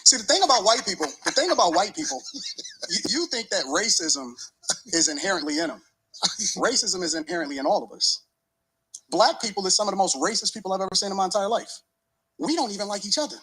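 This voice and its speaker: A man's voice: high-pitched, lively intonation, fast, sharp tone, husky, poor audio. A man in a heated debate, arguing bluntly and insistently and talking over the other speaker. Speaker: debate guest.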